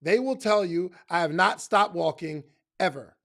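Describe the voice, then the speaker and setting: Emphatic high-pitched man with a gravelly voice. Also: lively intonation, normal speed, fairly bright tone. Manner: emphatic, repeats phrases for effect; casual slang, direct to listeners. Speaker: motivational speaker. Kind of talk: motivational talk.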